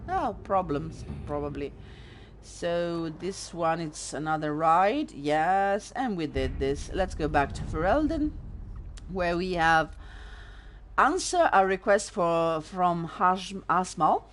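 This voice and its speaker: A woman's voice: on the low side, expressive, takes it slowly, a little hiss or hum. A woman hosting a let's play, chatting casually over gameplay with sarcastic asides and frequent fillers.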